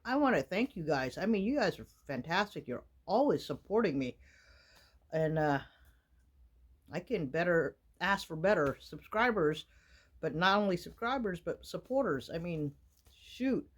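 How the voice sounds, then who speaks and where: A woman's voice: on the low side, lively intonation, measured pace, breathy edge. A woman, vlogging in a casual, rambling way with many fillers from a small wooden shack in the winter woods. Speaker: outdoor vlogger. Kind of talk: casual chat to camera.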